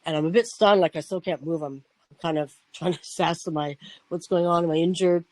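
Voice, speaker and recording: A man's voice: on the high side, fairly even intonation, fairly quick, dry recording, poor audio. A man hosting a talk show, telling a personal story in a rambling, casual way with frequent restarts and swearing. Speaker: podcast host.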